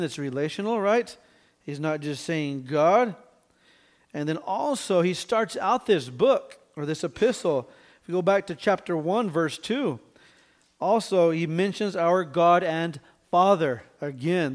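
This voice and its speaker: In a fairly high voice, a pastor preaches a verse-by-verse sermon. He often checks in with his hearers using short "right?"s and clears his throat now and again.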